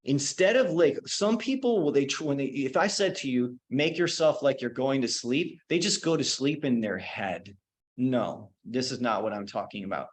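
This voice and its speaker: A man, teaching as a qigong instructor, telling a story and then talking listeners through a slow guided meditation. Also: medium pitch. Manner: relaxed, anecdotal, slows down for meditation cues.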